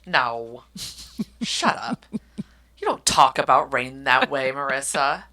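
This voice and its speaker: A woman in her thirties co-hosting a casual book podcast, animated, acting out characters' lines and laughing often. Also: rumbling low, slow pace, pauses often. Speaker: podcast co-host.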